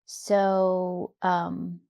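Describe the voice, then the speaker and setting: A young adult woman from Louisiana, an interview guest telling her own story in a reflective, soft-spoken way with many fillers. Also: on the low side, completely flat delivery, extremely slow, gravelly. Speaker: podcast guest. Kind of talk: personal story in a conversational interview.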